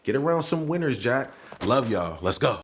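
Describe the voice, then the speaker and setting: A man guest on a live stream, hyping the crowd loudly with slang about his media work. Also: mid-range voice, very animated, moderate pace. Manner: loud, hyped, slangy. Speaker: guest co-host.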